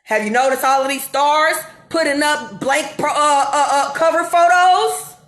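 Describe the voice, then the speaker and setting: A vlogger in her thirties rants unscripted to camera from her home kitchen, heated and profane, sometimes close to tears. Her voice is high-pitched and a bit bright, at a normal speed.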